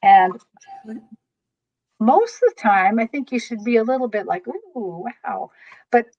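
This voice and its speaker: A woman reader telling an animated story in casual chat, with quick exclamations. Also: on the high side, dull audio. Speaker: tarot reader guest.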